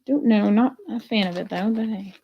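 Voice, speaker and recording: Gravelly-voiced chatty woman reseller. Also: mid-range voice, moderate pace, highs cut off, heavy background noise. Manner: chatty, thinks aloud, grumbles. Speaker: jewelry reseller hosting a live sale. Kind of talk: casual live selling chat.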